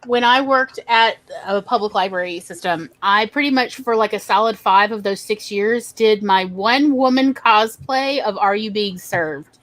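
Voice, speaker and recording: A woman's voice: medium pitch, a little slow, no echo. A woman chatting casually on a stream, playful and giggly as she tells anecdotes. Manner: playful, giggly, lively storyteller. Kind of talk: casual chat on a writing stream.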